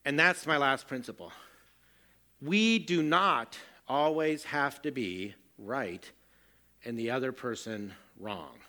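A middle-aged pastor delivers a sermon in a bright, clear-edged voice. He is earnest and self-deprecating, slipping into family anecdotes to make his point. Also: medium pitch.

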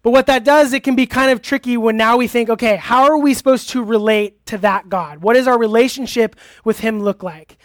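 A relaxed youth pastor preaching to a live group in a church hall, often stopping to ask questions and take answers. The voice sits at a middle pitch, and the talk is loose and full of fillers. The recording is dry and close, with almost no room echo. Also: a little fast, few pauses. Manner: casual, chatty, asks the audience questions; laughs easily, uses many fillers. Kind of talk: interactive sermon.

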